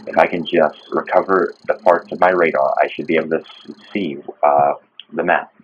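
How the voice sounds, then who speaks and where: A man voicing a small stranded male alien spaceship captain, reading a ship log in a lower, measured voice. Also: fairly even intonation, a little hiss or hum. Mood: formal. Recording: muffled lo-fi mic.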